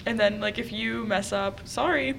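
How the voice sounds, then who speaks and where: A woman's voice: a little high, normal speed, creaky, a bit bright, slight background noise, rough recording. A young woman co-hosting a podcast in casual, playful chat, often laughing as she jokes. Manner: giggly, playful, joking. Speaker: podcast co-host.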